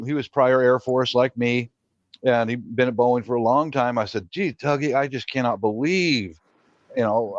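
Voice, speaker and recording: A man's voice: mid-range voice, no echo. Older man, muffled lo-fi sound. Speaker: livestream guest. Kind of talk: casual chat. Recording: muffled lo-fi mic.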